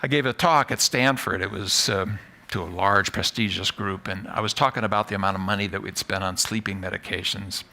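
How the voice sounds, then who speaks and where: Guy doing a stage talk, bright forceful voice, gravelly, jokes at his own expense. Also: on the low side, a little fast. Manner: playful, self-mocking, animated. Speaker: psychology professor giving a talk. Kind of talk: live TEDx talk to an audience. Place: stage before a live audience.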